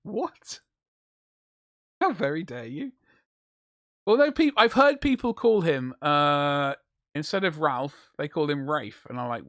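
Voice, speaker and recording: Man, casual live-stream chatter while painting, rambling jokey banter, very lively pitch, dry close sound. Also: slow pace, pauses often, no room sound. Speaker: livestreamer.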